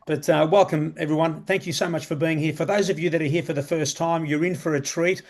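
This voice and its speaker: A man's voice: fairly high pitch, steady tone, fast. A man hosting a live sales presentation, talking in an enthusiastic, conversational way, repeating himself and asking rhetorical questions. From Australia. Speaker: presenter of a membership opportunity.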